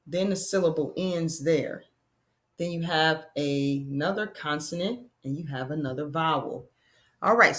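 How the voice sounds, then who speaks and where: Speaking in a fairly low pitch, the teacher gently guides her young learners, calling them friends. She stays encouraging and slows her speech to spell out the sounds.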